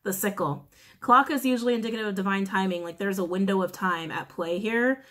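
A woman giving a casual tarot reading, blunt and frank, who curses freely, repeats key phrases and often clears her throat. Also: medium pitch, fairly quick, a bit bright. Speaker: tarot reader.

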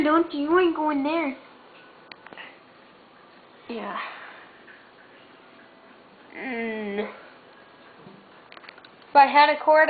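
A woman talks slowly to her cat in a high voice, coaxing it and meowing at it. Her words unhurried and drawn out. The audio is tinny and thin, like a cheap camera recording, with a faint hiss underneath. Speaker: vlogger. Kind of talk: casual home video talking to a cat. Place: at home indoors.

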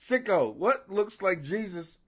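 This is a high-pitched man in his forties hosting his own live stream. His voice is bright and sharp, leaping all over the place as he rants. He swears constantly and laughs at his own jokes. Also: measured pace, slightly rough, muffled recording. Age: 40s. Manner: profane, loud, laughing, animated. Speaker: livestream host. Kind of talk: casual ranting commentary.

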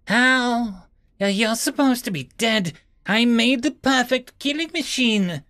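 Man doing a warbling alien kidnapper for a sci-fi story reading, higher than his own voice, smug and slow, gravelly edge. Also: expressive, a bit bright. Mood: panicked. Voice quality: warbling, high. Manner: slow, gloating, later stammering in fear. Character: gloating alien captor, male, cold and smug.

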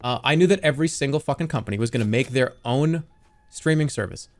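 A man in his thirties streaming a game live, talking in an animated, rambling and profane way. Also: mid-range voice, fast talker. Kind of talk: live gameplay commentary.

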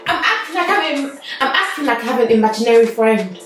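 A woman's voice: fairly high pitch, expressive, quick pace, distant mic. A young woman filming a prank vlog with her dad, talking in a playful, pleading, giggly way. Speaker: family channel vlogger. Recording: echoey room, off-mic, music underneath.

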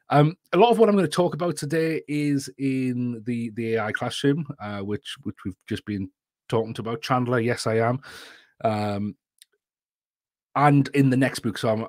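Man with a geordie accent, lower voice, chatty, self-deprecating, dry close sound, video call. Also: a little mellow, dry recording. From northeast England. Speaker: guest speaker, educator. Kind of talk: casual chat and presentation. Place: home room at night, video call.

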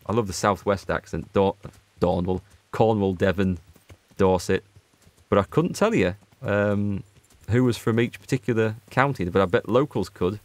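Northern English male host, chatty, self-mocking let's play commentary, slightly low voice, dead-dry booth sound. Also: dry recording. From Northern England. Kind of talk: casual gameplay commentary.

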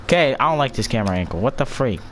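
A man talks over his game in loose, slangy commentary, repeating taunts at the enemies and breaking into loud, excited yells. His pitch swings widely between a low mutter and high shouts. The game's sound is clearly audible underneath his voice. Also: rapid-fire, slight background noise. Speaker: gaming channel host. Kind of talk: casual gameplay commentary.

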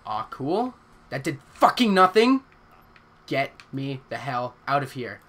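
Young man swearing and yelling through a game. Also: mid-range voice, big pitch swings, measured pace. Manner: swears a lot, panics and yells at the game. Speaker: gaming streamer. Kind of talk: live gameplay commentary.

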